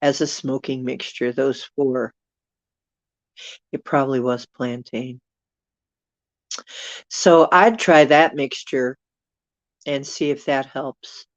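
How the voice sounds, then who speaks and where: A host on a live stream, dealing with allergies, talks at medium pitch in a dry-sounding recording. The chat with viewers is loose and rambling, with chuckles as thoughts are worked out aloud. Audio is lo-fi, dull and dry.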